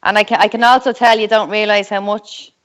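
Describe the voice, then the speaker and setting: A woman with an Irish accent and a rough-edged voice, chatting casually and reassuringly, repeating her points. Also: mid-range voice, fairly even intonation, brisk. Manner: warm, reassuring, repeats herself. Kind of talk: casual chat.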